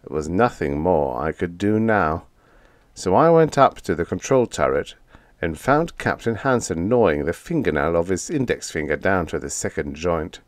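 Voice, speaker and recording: A man narrating a comic story in the first person, expressive and even-paced. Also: low voice, normal speed, no room sound. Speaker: audiobook narrator.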